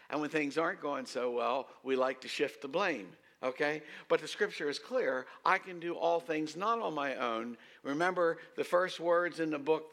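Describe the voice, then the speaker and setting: Bright-voiced preaching man. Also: fairly high pitch. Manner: emphatic, call-and-response preaching with swings from loud to hushed. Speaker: pastor. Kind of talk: sermon. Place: church sanctuary.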